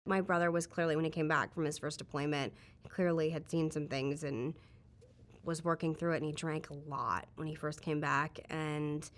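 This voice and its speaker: Woman, low register, candid interview guest, reflective, filler-heavy. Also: fairly even intonation, normal speed. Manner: chatty, frequent "like" fillers, reflective.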